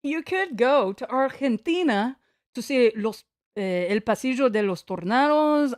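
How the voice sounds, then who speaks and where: A woman's voice: fairly high pitch, measured pace, dry recording. Playful woman streamer, dry sound. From United States. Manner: rambling, playful, self-mocking. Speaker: live streamer. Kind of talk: casual livestream chat. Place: at home, sitting on the floor.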